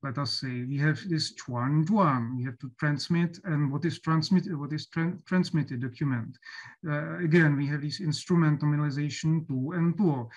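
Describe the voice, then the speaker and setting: Hesitant, higher-voiced male lecturer. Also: normal speed. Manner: hesitant, many fillers and restarts. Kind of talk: academic lecture.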